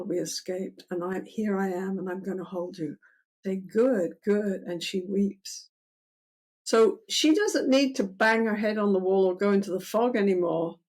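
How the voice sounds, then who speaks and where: At a medium pitch, an older woman therapist is interviewed about her methods. She explains them with animation, acting out what client and therapist say to each other.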